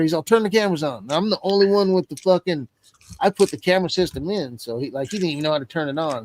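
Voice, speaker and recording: A man's voice: on the high side, fast, darkish tone, slight background noise. A man hosting a stream, telling a long, rambling story in casual, profane chat and acting out the voices of the people in it. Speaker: stream host.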